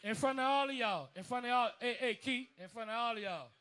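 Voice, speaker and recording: A man tells a long, profane story on a bar stage, circling back with many restarts. His voice sits very high for a man. He speaks into a handheld stage mic. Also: quick pace, sharp tone. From New Orleans. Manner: profane, rambling, lots of restarts. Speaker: drummer and bandleader. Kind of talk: onstage storytelling speech. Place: live music bar stage.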